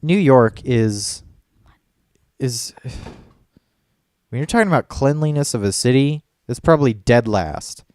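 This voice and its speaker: A man's voice: mid-range voice, expressive, unhurried, pauses often, a little mellow, no echo, clean studio sound. A man telling a story in casual chat as a podcast co-host, rambling and profane, full of fillers and restarts.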